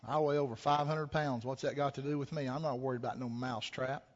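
A man voicing a huge, unbothered farm cow in a sermon story, talking low and muttered. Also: steady tone, brisk, close to an everyday voice. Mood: dismissive. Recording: echoey hall, dull lo-fi sound.

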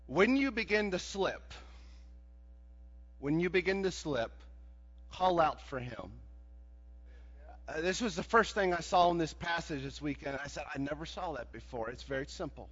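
High bright-voiced preacher. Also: male voice, lively intonation, a little slow, long pauses, husky. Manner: folksy, rising to shouts. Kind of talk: sermon. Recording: dull sound with long hall reverb.

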